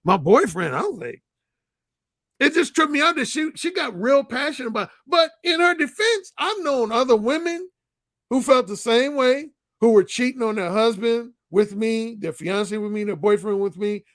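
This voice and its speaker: A man's voice: very high-pitched, normal speed, a bit bright, no room sound. A man telling frank, blunt stories as an interview guest in casual conversation.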